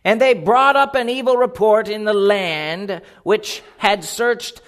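High-voiced animated male preacher. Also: slow pace. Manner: animated, joking, acts out voices. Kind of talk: sermon.

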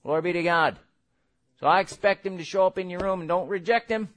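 Male preacher, high voice, lively sermon delivery, acts out little scenes. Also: fairly quick. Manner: animated, acts out quotes, laughs.

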